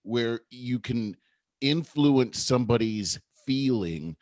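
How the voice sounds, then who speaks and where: A man's voice: medium pitch, expressive, takes it slowly, a little mellow, no room sound, studio quality. A man in his fifties co-hosting a podcast, explaining ideas earnestly in casual conversation, often restarting sentences. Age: 50s. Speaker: podcast co-host.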